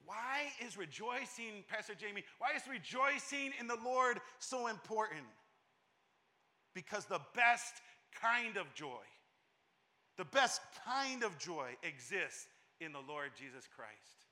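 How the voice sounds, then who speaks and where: A male pastor preaching a sermon with a high, very bright, piercing voice. He drives his points home through repetition and often stumbles and restarts a phrase. His tone stays emphatic throughout. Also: sing-song, slow.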